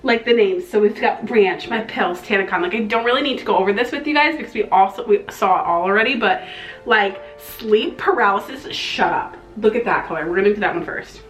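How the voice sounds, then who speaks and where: Young woman, beauty vlogger, gushing and slangy, mid pitch, echoey room. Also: fairly quick, faint music behind. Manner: gushing, excitable, slangy, with breathy exclamations. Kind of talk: casual makeup review vlog.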